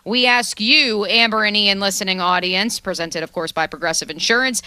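A woman co-hosting a sports radio show, brisk and upbeat, teasing her partner between live reads. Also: mid-range voice, bright, forceful tone, clean tone, no room sound.

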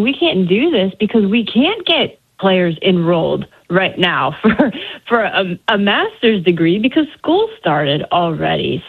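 A woman sports reporter calls in over a thin, phone-like line. Her voice is mid-pitched, and she explains the story briskly, point by point.

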